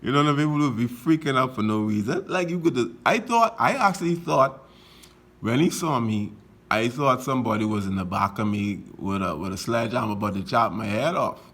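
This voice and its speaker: A man's voice: medium pitch, animated, brisk, a bit bright. A middle-aged Bahamian man giving a casual motivational monologue, emphatic and repetitive, telling stories as he goes. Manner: emphatic, repetitive exhortations, storytelling. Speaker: vlogger.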